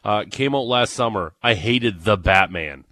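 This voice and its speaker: Animated low-voiced male radio co-host. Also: unhurried, dry recording. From Ontario. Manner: animated, opinionated, joking. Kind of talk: casual sports radio banter.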